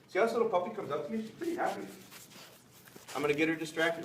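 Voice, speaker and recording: A man's voice: quick pace, a little hiss or hum. A middle-aged man, a dog trainer, giving a live seminar to an audience in a large store hall, chatty and joking. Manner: chatty, joking, jumps to high excited praise voice. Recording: roomy echo, mic at a distance.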